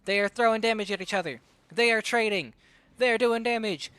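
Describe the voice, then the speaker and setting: Hyped-up high-voiced male caster. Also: fairly quick, smooth, no room sound. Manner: hyper, excitable play-by-play with bursts of shouting. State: out of breath. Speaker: tournament caster and streamer. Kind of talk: live esports commentary.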